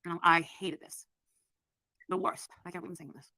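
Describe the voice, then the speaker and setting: A woman telling a story in an excitable, profane way, acting out what others said. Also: lowish voice, moderate pace, no echo, poor audio. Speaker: storyteller recounting past events. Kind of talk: animated casual storytelling.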